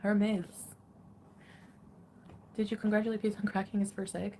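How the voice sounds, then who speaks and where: A woman's voice: medium pitch, level tone, moderate pace, dark tone. A woman in her thirties chats on a livestream, rambling from one thought to the next. She giggles often and fills her talk with "um" and "like". Her voice sits in an ordinary middle register, with a faint hiss behind it. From Canada. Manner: rambling, giggly, lots of fillers. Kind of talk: casual livestream chat.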